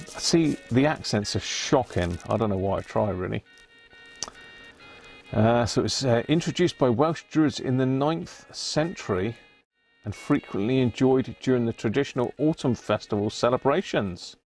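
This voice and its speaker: A man's voice: mid-range voice, expressive, normal speed, darkish tone, faint music behind. A British man hosting a casual live stream, chatty and jokey, often reading labels aloud as he goes. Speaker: radio repair live-stream host.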